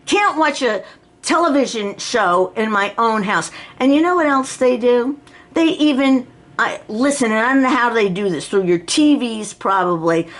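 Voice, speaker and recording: Indignant woman ranting to camera. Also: medium pitch. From New York. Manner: indignant and emphatic, with rhetorical questions. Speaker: video blogger. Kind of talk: personal video rant.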